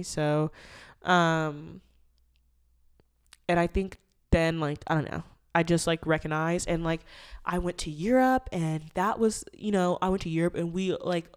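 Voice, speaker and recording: Candid rambling woman podcaster, smooth voice. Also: low voice, steady tone, moderate pace. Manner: candid, rambling, heavy fillers, swears. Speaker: podcast host. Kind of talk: casual solo podcast chat.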